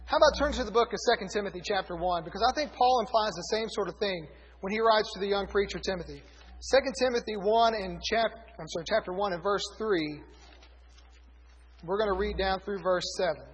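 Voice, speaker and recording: A high-voiced man preaches briskly to a congregation, reading scripture out loud and fixing his own mistakes in a conversational manner. A little hiss or hum sits on the dull, lo-fi recording, which echoes in a reverberant hall.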